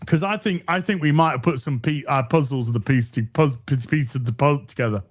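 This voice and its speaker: A man's voice: mid-range voice, a little fast. An English man co-hosting a podcast, reading out donations in a casual, sweary and jokey way. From England.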